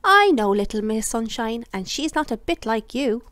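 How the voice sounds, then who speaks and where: A woman voicing a cheerful, friendly man in a storybook reading, warm and amused. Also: fairly high pitch, very animated, normal speed, dry recording.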